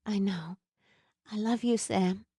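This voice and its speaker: A woman reading an audiobook, voicing a trusting young woman in love who speaks softly, sometimes in a breathy murmur. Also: mid-range voice, expressive, a little slow, dry recording, studio quality. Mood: tender.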